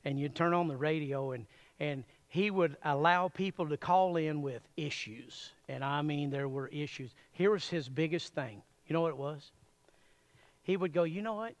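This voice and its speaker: A man preaching a sermon in a church, folksy and animated, chuckling often as he addresses the congregation. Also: on the high side, moderate pace. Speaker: pastor.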